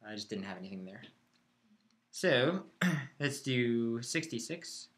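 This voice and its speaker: A chant teacher takes it slowly in an animated, medium-pitched, slightly bright voice, patiently explaining and checking in with the class during a live-streamed lesson. The mic is far off in an echoey classroom.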